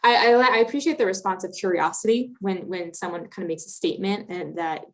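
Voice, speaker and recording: A woman's voice: medium pitch, fast. A woman hosting a livestream question session, friendly and affirming, reading viewer questions with many fillers.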